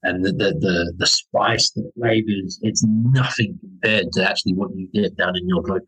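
A man's voice: low-pitched, steady tone, moderate pace, fairly bright tone, slightly rough, low-quality recording. A man in a casual podcast chat, talking about his travels in an enthusiastic, rambling way with many fillers. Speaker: podcast guest, overland traveller.

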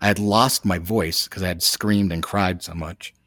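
Animated man telling a story. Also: sits low, normal speed, no echo, studio quality. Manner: animated, dramatic retelling with restarts. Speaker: podcast guest. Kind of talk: storytelling anecdote.

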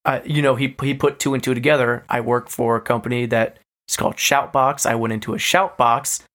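Male podcast co-host, casual storyteller, mid-range voice, chatty and animated. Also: mid-range voice, fairly quick. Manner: animated retelling, many fillers. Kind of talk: casual chat.

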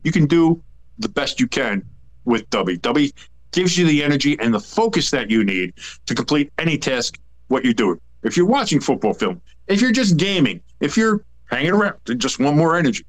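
A man co-hosting a sports podcast, talking in an animated, rambling, jokey way. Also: on the high side, moderate pace. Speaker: podcast co-host. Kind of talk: casual sports chat.

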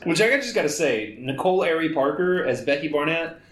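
A man's voice: on the high side, lively intonation, brisk, fairly bright tone, reverberant. A man co-hosting a podcast, chatting casually and profanely about a film, with a joking manner. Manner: joking, profane, playful impressions. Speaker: podcast co-host.

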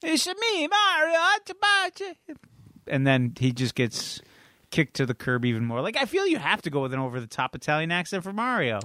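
A man's voice: mid-range voice, very animated, quick pace, a bit bright, dry recording. A man co-hosting a podcast, chatty and joking as he gives his opinions. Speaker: podcast co-host. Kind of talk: casual chat.

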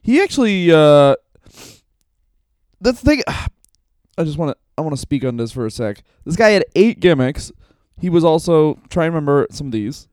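A man's voice: a little high, very animated, normal speed, darkish tone, clear, resonant tone, no room sound, studio quality. A man co-hosting a comedy podcast, riffing and joking in casual chat with silly asides. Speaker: podcast co-host.

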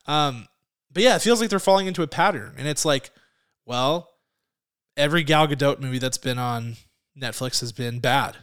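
Man, podcast co-host, rounded clear voice, rambling casual chat. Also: mid-range voice, normal speed, fairly bright tone. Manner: rambling, laughs often, searches for words.

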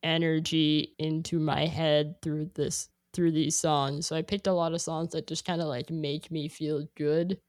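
Casting: young woman, casual chatter, lowish voice, unhurried, lots of "like" fillers; dry close recording. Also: no echo. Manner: rambling, heavy use of "like", animated when quoting. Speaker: guest sharing a playlist. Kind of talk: casual chat.

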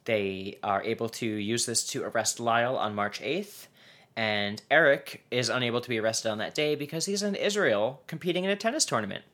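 A man's voice: medium pitch, brisk, fairly bright tone. A man hosting a podcast, casually retelling a true-crime case with many "um"s and "like"s. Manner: recounts case details with frequent "um" and "like". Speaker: podcast host.

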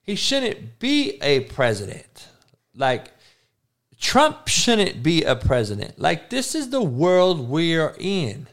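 A man's voice: fairly high pitch, wildly swooping pitch, takes it slowly, a bit bright. A man hosting a podcast, delivering a crude, mocking, heated rant full of swearing. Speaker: podcast host. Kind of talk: crude ranting commentary.

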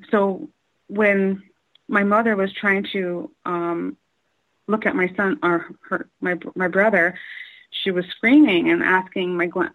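A woman telling a personal story, halting with many fillers and restarts, raising her voice when quoting others. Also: lowish voice, a bit bright, poor audio.

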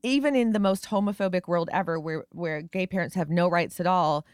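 A woman co-hosting a podcast, recapping an episode with wry jokes and quick asides. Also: on the low side, clean tone, dry recording, clean studio sound. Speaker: podcast co-host. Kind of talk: casual recap chat.

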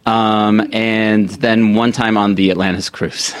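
A man's voice: on the low side, little pitch movement, slow pace, clean tone. A man joining a podcast as guest co-host, chatting in a playful, sassy way. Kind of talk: casual chat.

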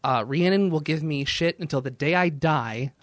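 A man's voice: a little high, normal speed, fairly bright tone, no echo. A young man in casual chat as a podcast guest, playful, laughing often and tossing in jokey asides.

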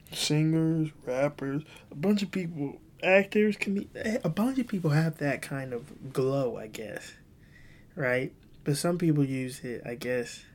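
A man hosting a podcast, telling a story in rambling casual chat with many restarts and some swearing. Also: medium pitch. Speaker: podcast host.

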